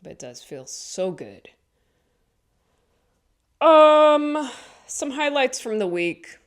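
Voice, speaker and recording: A woman stand-up comedian talks casually to the camera in a chatty, rambling vlog monologue, frequently correcting herself and laughing as she goes. Her voice sits high and is very animated, with drawn-out words.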